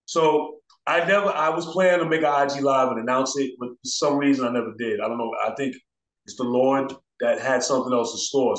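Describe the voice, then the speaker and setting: A man, a DJ guest in an interview, telling stories casually and acting out the voices of people he quotes. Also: medium pitch. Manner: laid-back, acts out quoted voices. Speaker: DJ and turntablist guest. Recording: roomy echo.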